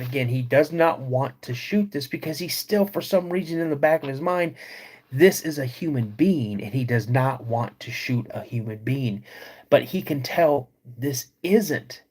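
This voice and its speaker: A man hosting a live podcast, retelling a creepy encounter slowly with dramatic pauses. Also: mid-range voice, a little mellow, slightly rough. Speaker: podcast host.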